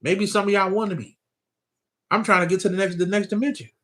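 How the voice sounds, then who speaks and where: A spiritual teacher with a high, steady, slightly bright voice talks fast to his viewers in a loose, casual way. His conversational preaching is full of laughs and "you know what I'm saying," and he often checks whether they follow him.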